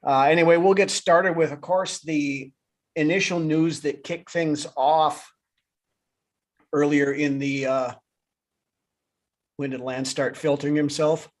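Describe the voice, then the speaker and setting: Sports podcast guy, kinda high voice, rambling with a bunch of uhs. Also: steady tone, measured pace, pauses often. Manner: chatty, many fillers and restarts. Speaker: podcast co-host. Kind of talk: casual live sports talk.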